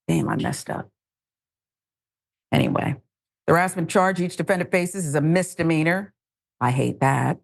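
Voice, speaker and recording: A woman co-hosting a news show, reading stories and adding sarcastic, animated asides. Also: lowish voice, creaky. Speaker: news co-host.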